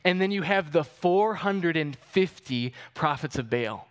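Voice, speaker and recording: High-voiced man preaching a sermon. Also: unhurried, clear, resonant tone. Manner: expository preaching, reading scripture aloud with commentary; animated when retelling, with chuckles and fillers.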